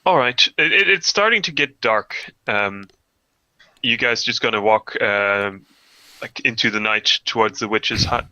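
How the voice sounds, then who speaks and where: A man's voice: medium pitch, measured pace, bright, forceful tone, no echo, highs cut off. A young man running a tabletop game as game master, who narrates with many hesitations and restarts.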